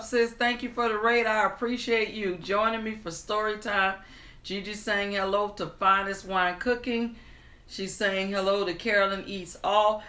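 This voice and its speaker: A woman hosting a live stream, greeting viewers, reading their comments aloud in an unhurried, friendly way, then starting a storybook tale. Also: medium pitch, sharp tone, roomy sound. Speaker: livestream storyteller host.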